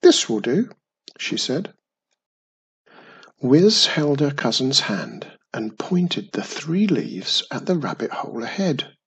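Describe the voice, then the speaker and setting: Slow husky man reading a children's story. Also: medium pitch, big pitch swings, fairly bright tone. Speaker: storybook narrator. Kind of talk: children's story read aloud.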